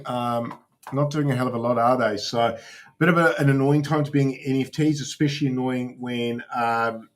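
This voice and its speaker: Man, casual livestream host, swears a lot, chats with viewers, average pitch. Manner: casual, swears often, talks to chat while browsing.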